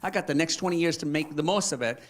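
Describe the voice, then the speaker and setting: Rambling older man with a raised pitch. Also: slight background noise. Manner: rambling, halting, quotes his son aloud. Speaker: congregant asking a question. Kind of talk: casual storytelling in a church Q&A. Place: church meeting room.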